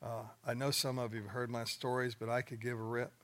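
A man's voice: medium pitch, level tone, fairly quick. An older man, a coach, giving a folksy, plain-spoken sermon to a room of men, telling stories with joking asides. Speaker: speaker at a men's gathering. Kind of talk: sermon with storytelling.

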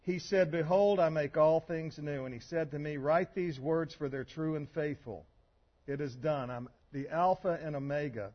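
A man preaching to a group of men, folksy and punchy, telling personal stories. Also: fairly high pitch. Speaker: men's ministry teacher. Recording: muffled lo-fi recording.

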